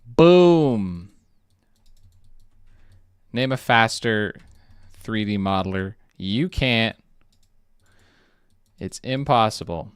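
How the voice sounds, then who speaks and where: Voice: medium pitch, extremely slow, long pauses, smooth, dry recording, studio quality. Hyped-up livestreamer narrating own speed run. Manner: excitable, hypes up own speed, talks to chat. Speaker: indie animator streaming live. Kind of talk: livestream commentary while 3D modeling.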